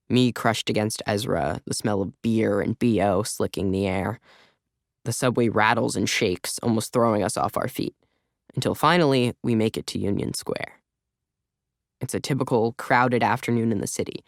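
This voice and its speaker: A male narrator reads a first-person story in a wry, conversational way, with a gravelly edge to a voice of ordinary pitch. The studio sound is dry and close, with no room around it. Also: dry recording. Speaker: audiobook narrator. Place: recording studio.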